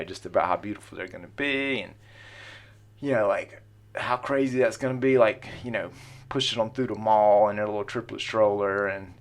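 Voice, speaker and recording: A middle-aged man casually telling the story of his family, rambling with lots of fillers. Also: low-pitched. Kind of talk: personal storytelling.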